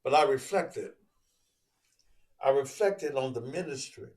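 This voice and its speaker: A middle-aged man, preaching in a monologue that swings from slow quiet reflection to shouted profane outbursts. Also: mid-range voice, animated, far from the mic. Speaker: preacher and online show host.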